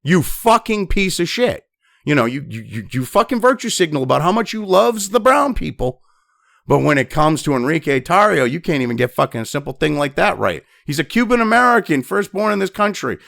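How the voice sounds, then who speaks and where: A man's voice: fairly high pitch, very animated, brisk, creaky, a bit bright, no room sound, studio quality. A man hosting a news commentary show, ranting angrily and swearing constantly. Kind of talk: angry profane rant.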